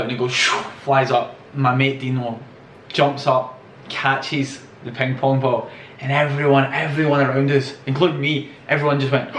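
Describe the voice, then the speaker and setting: A man's voice: mid-range voice, slight background noise. A young man telling travel stories in a rambling way, swearing and laughing as he goes. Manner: rambling, profane, laughing storyteller. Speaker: travel vlogger. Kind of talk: casual anecdote storytelling. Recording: roomy echo, distant from the mic.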